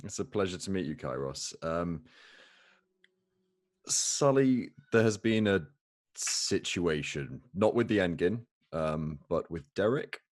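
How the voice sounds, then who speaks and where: Deep-voiced hesitant male player. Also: expressive, takes it slowly. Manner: hesitant, polite, lots of ums. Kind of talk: playing a character in a tabletop game.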